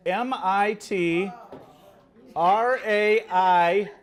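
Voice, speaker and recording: Very slowly and in a high voice, a spelling bee word caller reads out words and spells them during a live contest. He keeps things lively, trading jokes with the contestants in a playful way.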